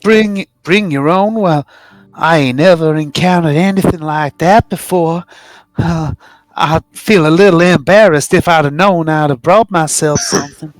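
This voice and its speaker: A man's voice: fairly high pitch, measured pace, no room sound, pitched above the performer's own voice, lightly acted. A man voicing a lonely female spy in disguise who talks in a folksy, coy way.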